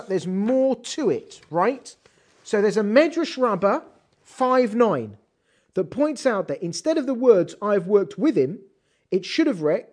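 In a text study lesson, a lively Torah teacher moves through a passage, posing rhetorical question after rhetorical question. Hebrew terms get read out along the way, with the pitch swinging widely up and down.

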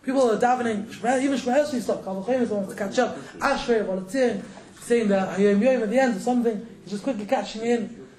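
A man teaches a religious class at a brisk clip, with jokes and a chuckle between points. His voice sits unusually high. The room is echoey. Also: darkish tone. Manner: quick, joking, laughs between points. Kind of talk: casual Torah lesson.

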